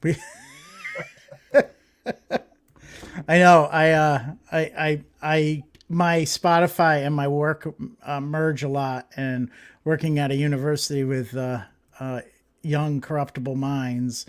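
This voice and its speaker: A man co-hosts a casual chat and answers with dry, teasing jokes. His voice is a little high for a man, and he often stops on hesitant fillers before the punchline. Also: flat delivery, slow pace, long pauses, clear, resonant tone. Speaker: co-host.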